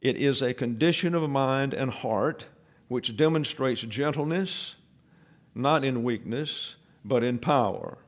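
A man giving an expository Bible lesson in a measured, explanatory way, with pauses and fillers. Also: mid-range voice. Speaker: Bible teacher.

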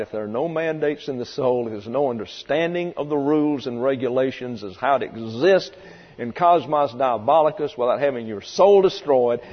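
A man preaching an expository sermon, emphatic and vivid, sometimes acting out voices. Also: mid-range voice. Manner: emphatic, acts out voices in quotes. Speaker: pastor. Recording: reverberant hall, dull lo-fi sound, mains hum.

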